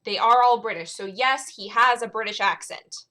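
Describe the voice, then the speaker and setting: Bright-voiced young woman streaming a game. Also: on the high side, moderate pace. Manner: chatty, laughs often, wry asides. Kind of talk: casual game commentary.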